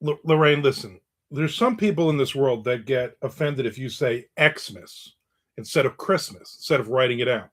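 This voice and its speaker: A man's voice: mid-range voice, animated, moderate pace. Chatty joking man, casual livestream. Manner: chatty, joking, laughs at his own stories. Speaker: host of a live video show. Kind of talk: casual chat reading viewer comments.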